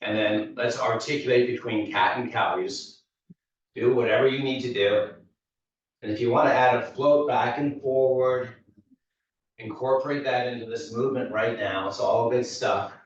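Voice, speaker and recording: A male fitness instructor leading a guided mobility class with steady, easygoing cues. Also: mid-range voice, moderate pace. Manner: steady cueing, easygoing asides. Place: large echoey fitness studio. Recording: echoey, distant, dull room sound.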